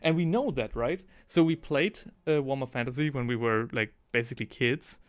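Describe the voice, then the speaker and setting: A man paints miniatures during a casual live stream, speaking briskly in a mid-range voice. Using headphones and a desk mic, he rambles, fixes his own phrasing, and reads the chat aloud.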